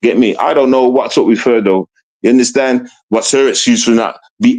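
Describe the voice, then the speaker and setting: Mocking British man on a rant. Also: a little mellow. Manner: mocking, confrontational, swings between raised and low muttered delivery. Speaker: streamer. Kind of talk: ranting livestream monologue.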